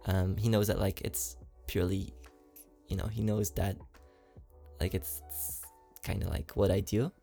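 A man with a slight foreign accent answers fan questions in a relaxed, giggly way, full of ums and likes. His voice sits low and mellow with a gravelly fry, and faint music plays behind him. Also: a little slow. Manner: chatty and giggly, many fillers. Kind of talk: casual Q&A.

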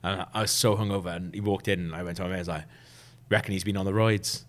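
A man's voice: sits low, steady tone, very fast. A man, hosting a casual podcast chat and telling a long story with many fillers. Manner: rambling storyteller, lots of fillers. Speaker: podcast host.

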